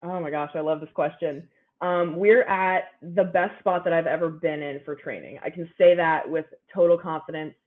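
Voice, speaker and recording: A woman's voice: low voice, moderate pace. A young woman in her twenties, an athlete guest giving upbeat, chatty interview answers full of "like"s. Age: 20s. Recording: phone-like narrow line.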